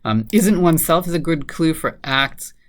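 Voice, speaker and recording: A man's voice: on the high side, animated, normal speed, a little hiss or hum. A man solving a crossword aloud in a casual, hesitant think-aloud manner, then reviewing the grid. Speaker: crossword solver.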